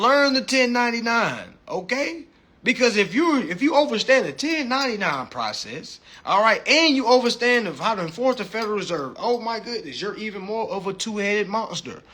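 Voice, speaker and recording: A man's voice: high voice, animated, moderate pace, pushed and bright, breathy edge. A young man hosting a live stream, teaching his class in a casual, profane rant that keeps checking in with "all right?". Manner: emphatic, profane, repeats points with "all right?". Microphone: phone.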